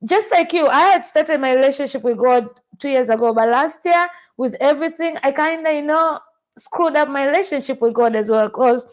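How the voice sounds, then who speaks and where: A high-pitched woman from Tanzania hosts a relaxed podcast conversation. She tells personal stories with animation, often restarting with doubled words before she gets going. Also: brisk. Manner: animated storytelling, repeats words when starting sentences. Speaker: podcast host. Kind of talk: casual podcast chat.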